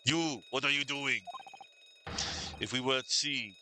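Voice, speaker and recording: A man's voice: medium pitch, a little slow, noisy background, lightly acted. A man voicing a grumpy Russian ship crewman who speaks in clipped, broken English, with game music behind. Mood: gruff.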